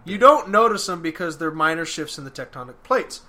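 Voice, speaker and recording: A man's voice: on the high side, lively intonation, brisk, bright, forceful tone, slight background noise. A young man co-hosting a podcast in casual chat, wry, correcting and explaining facts. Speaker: podcast co-host.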